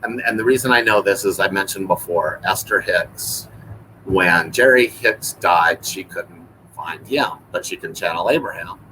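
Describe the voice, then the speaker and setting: A man's voice: low-pitched, moderate pace, bright, forceful tone, slight background noise, low-quality recording. A man, a guest on a live stream, chatting conversationally with frequent restarts. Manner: conversational, lots of fillers and restarts. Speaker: guest, chapter host. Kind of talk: casual live-stream chat.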